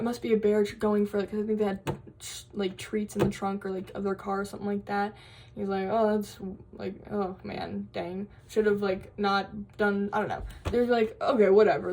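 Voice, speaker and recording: A woman's voice: mid-range voice, a little mellow. Rambling young woman vlogger telling a spooky story. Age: young adult. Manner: rambling, many fillers and restarts. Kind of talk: casual storytelling to camera.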